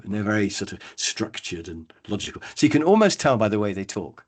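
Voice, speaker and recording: A man, running a live online training workshop, chatty and lively, calling on attendees by name. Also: on the low side, fast. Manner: lively, chatty, acts out brief voices, addresses attendees by name.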